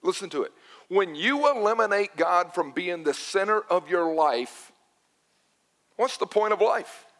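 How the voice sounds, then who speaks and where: Middle-aged male pastor, high-pitched, emphatic and repetitive delivery, long hall reverb. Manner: emphatic, repeats words, animated preaching. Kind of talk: sermon.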